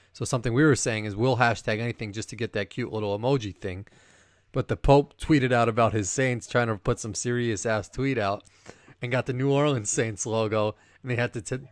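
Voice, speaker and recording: A man co-hosting a sports podcast in casual chat, rambling and animated, laughing often. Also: mid-range voice, dry recording, clean studio sound. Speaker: podcast co-host.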